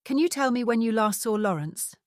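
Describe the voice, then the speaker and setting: A woman voicing a calm, methodical male private investigator who asks polite questions. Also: fairly high pitch, brisk, no echo, studio quality, pitched above the performer's own voice, lightly acted.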